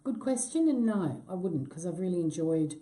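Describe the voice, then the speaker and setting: Lively, mellow actress. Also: female voice, fairly low pitch, moderate pace. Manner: self-deprecating, laughs easily, swears when excited. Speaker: actress being interviewed. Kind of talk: casual chat.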